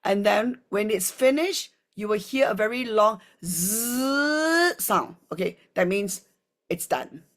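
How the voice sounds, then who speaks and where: A woman's voice: medium pitch, measured pace. A woman who presents skincare products in a live demonstration. She talks in a chatty, rambling way full of fillers.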